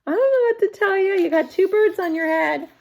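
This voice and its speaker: A cheerful, matter-of-fact male pig from a picture book, as a woman reads him aloud. His voice sits high and bright, and he delivers news plainly and quickly. He sounds unbothered and friendly. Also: animated, gravelly, highs cut off, heavily acted. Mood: casual.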